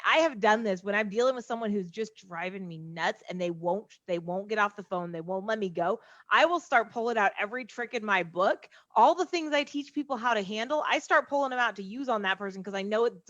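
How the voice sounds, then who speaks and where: A woman sales trainer explaining her methods in a brisk, confident manner during a casual online conversation. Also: mid-range voice, a bit bright, no room sound. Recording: dull dry lo-fi call audio.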